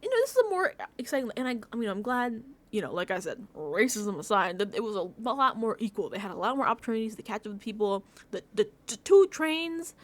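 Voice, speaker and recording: Woman doing a chatty show recap vlog, kinda high voice, lots of likes and laughing. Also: fast talker. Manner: animated storytelling with frequent laughs and fillers. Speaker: reality show recap vlogger. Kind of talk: casual recap chat.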